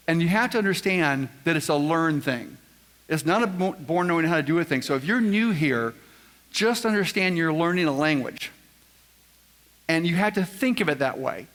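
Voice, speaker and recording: A man's voice: a little high, fairly bright tone. A man giving a live seminar talk, quizzing the audience in a folksy, joking way. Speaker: seminar speaker. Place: large event room with audience. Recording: long hall reverb.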